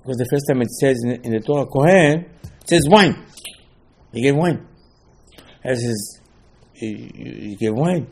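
A man giving a Torah class as a rabbi, in halting, with emphatic restarts. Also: medium pitch, expressive, a little mellow, slightly rough. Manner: non-native English, halting restarts, rising emphasis.

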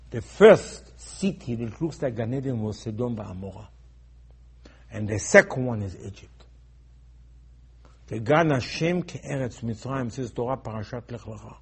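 Husky-voiced man preaching with emphatic bursts. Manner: emphatic, swings between loud bursts and low asides. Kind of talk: sermon.

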